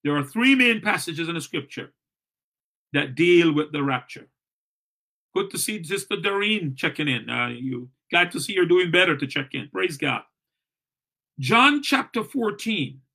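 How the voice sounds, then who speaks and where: A man's voice: on the high side, sharp tone. A male pastor teaching a Bible study in an earnest way, repeating phrases for emphasis, livestreamed from a church.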